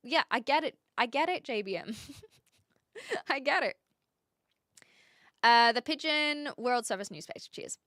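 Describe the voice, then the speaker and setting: Australian lady streaming, chatting to her viewers, bright crisp voice, dry close sound. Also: sits high, expressive, a little slow, long pauses, no room sound. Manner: chatty, reads chat aloud and replies, laughs often. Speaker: livestream host. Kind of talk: casual chat with live viewers.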